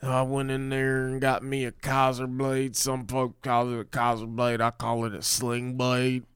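A man putting on a slow, mumbling, simple-minded Southern man, drawling with grunting pauses. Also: medium pitch, monotone, smooth, no echo, clean studio sound, natural voice. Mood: deadpan.

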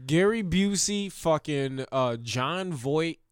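Man comedian, podcast co-host; unhurried, profane riffing, slightly high, dead-dry sound. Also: expressive, clean tone, no room sound. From Chicago. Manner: profane, riffing, laughs often. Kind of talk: crude banter between friends.

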